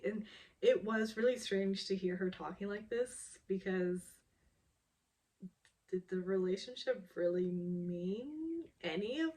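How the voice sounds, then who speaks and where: Sitting far from the mic, a woman with a medium-pitched voice casually recaps a reality show episode. Her chat is breezy, sprinkled with ums and little laughs.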